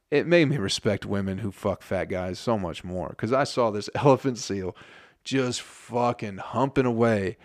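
A comedian riffing casually, swearing often and laughing through rambling stories. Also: male voice, fairly low pitch, no room sound, clean studio sound. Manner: profane, laughing, rambling storytelling.

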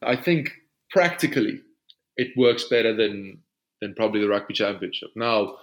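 A South African rugby player, an Afrikaans speaker, answering questions in a casual podcast interview in an easygoing way. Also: male voice, fairly low pitch, normal speed. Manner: relaxed, easygoing answers with frequent "you know".

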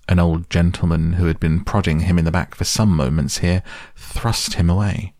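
A man reading a classic children's novel aloud softly as a bedtime audiobook, gentle and unhurried. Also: deep voice, fairly even intonation, no echo, clean studio sound. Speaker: audiobook reader.

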